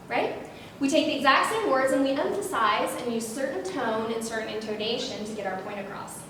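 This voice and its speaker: A woman presenting a public speaking workshop, lively and animated, often checking in with "right?". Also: a little fast. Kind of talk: instructional workshop talk. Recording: very echoey room, distant mic, faint rumble.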